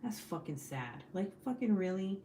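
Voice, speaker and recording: A woman's voice: mid-range voice, very animated, normal speed, mellow. A young woman hosting a casual home livestream, chatting bluntly with viewers and swearing freely. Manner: blunt, profane and talkative. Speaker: livestream host. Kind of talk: casual chat with live viewers. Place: home, at night. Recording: echoey room with faint background noise.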